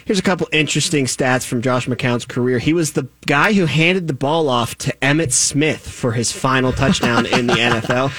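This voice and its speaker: A man's voice: medium pitch, moderate pace, hardly any pauses, fairly bright tone, dry recording. A male podcast co-host delivering wry jokes and a short news bit. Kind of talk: casual banter and news segment.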